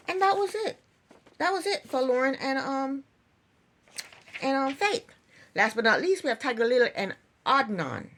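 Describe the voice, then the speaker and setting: A woman vlogger casually recapping a reality show, retelling it with repetition and incredulous, exasperated asides. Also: high voice. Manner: animated, repetitive storytelling.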